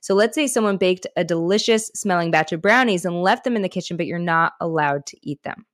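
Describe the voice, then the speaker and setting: A woman's voice: lowish voice, brisk, dry recording, studio quality. A woman hosting a self-help podcast, talking frankly and encouragingly in a conversational way. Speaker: podcast host and author. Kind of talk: candid self-help talk.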